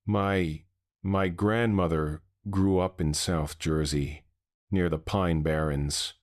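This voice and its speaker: A man's voice: low voice, fairly even intonation, slow. A man voicing a shaken fifty-something man. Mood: grim. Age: 50s. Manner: shaky but steadying, bitter. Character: shaken middle-aged man facing a monster.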